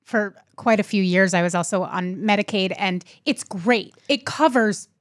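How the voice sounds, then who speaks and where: A woman co-hosting a podcast, chatty and quick to share her own experience. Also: medium pitch. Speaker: podcast co-host. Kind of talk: casual podcast conversation.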